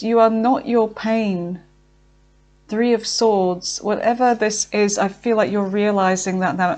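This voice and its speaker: A woman giving a casual tarot reading, chatty and filled with fillers, talking to herself as she pulls cards and sometimes slowing down to draw out her words. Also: fairly high pitch, darkish tone. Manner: chatty, with frequent fillers and self-talk. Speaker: tarot reader.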